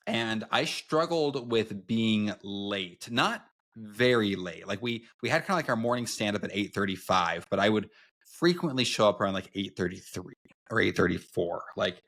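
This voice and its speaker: Homme à la voix grave, ton décontracté. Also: male voice, fairly low pitch, a bit bright. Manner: storytelling, many fillers and restarts. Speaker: podcast co-host. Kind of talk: casual chat.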